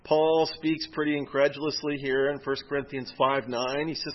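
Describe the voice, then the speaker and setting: Conversational male preacher, mid-pitched. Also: flat delivery, moderate pace, few pauses, dull audio. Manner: conversational, asks rhetorical questions, quotes scripture with rising emphasis. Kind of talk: sermon teaching.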